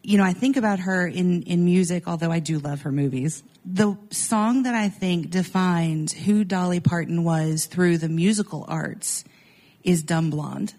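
A woman's voice: fairly low pitch, unhurried, dark tone. A woman speaking as a guest on a radio interview, emphatic and enthusiastic in how she talks.

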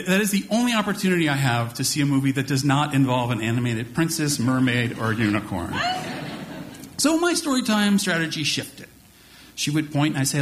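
A man's voice: a little high, noisy background. A middle-aged man telling a personal story on stage before a live audience, with a wry, self-deprecating comic delivery.

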